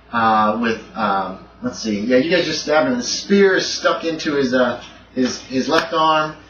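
A man narrating as game master in a tabletop horror game, talking loosely with lots of fillers and bursts of shouted sound effects. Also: medium pitch. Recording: roomy, distant, dull, noisy home recording.

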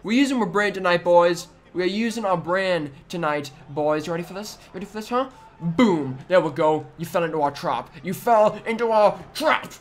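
A young man giving excitable let's-play commentary on a wrestling video game, trash-talking the opponent with sudden loud outbursts. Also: sits high, brisk. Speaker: gaming YouTuber.

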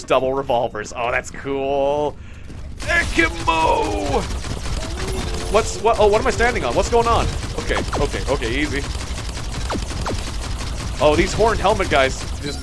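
Excitable young man playing a game. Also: fairly high pitch, noisy background. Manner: excitable, jokey, talks to himself while playing. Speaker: gaming YouTuber. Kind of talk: let's play commentary. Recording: game gunfire loud behind voice. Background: game gunfire and explosions.

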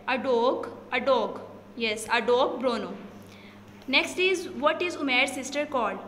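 Lady teacher, high voice, slow careful explaining, roomy echo and a bit of hiss. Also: pushed and bright. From Pakistan. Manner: slow, step-by-step explaining, repeats answers. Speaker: school English teacher. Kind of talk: recorded classroom lesson. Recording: echoey room with faint noise.

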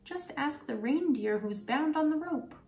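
A woman's voice: high-pitched, lively intonation, unhurried, gravelly, a little mellow, voice pushed up, exaggerated voice. A woman voicing a cooing wood pigeon in a storybook reading. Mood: urgent. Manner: cooing, lilting. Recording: roomy, distant, faint music.

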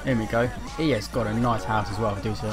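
A man's voice: lowish voice, steady tone, fairly quick. A young man giving casual, rambling let's-play commentary with lots of fillers. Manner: chatty, rambling, with many fillers. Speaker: gaming commentator. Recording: game music loud behind the voice.

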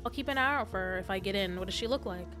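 A woman's voice: mid-range voice, racing, over music, close to an everyday voice. A woman reading the lines of a terse male private detective in a video game, in her own voice. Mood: calm.

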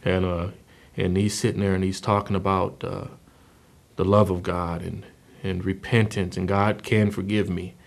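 A middle-aged man giving a personal testimony, speaking haltingly with many fillers and restarts, often quietly. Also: sits low, flat delivery, vocal fry. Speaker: former gang member telling his story.

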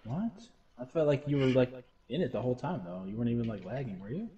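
Relaxed man chatting in squad voice chat. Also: mid-range voice, fast talker, recorded from a distance, dull audio. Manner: chatty, relaxed banter between callouts. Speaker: squad player. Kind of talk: casual gaming voice chat.

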